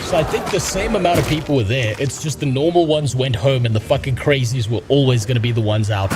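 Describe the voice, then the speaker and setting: A man's voice: mid-range voice, quick pace, few pauses. Blunt, profane young man streaming a game. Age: young adult. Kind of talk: casual gaming stream chat. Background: game music.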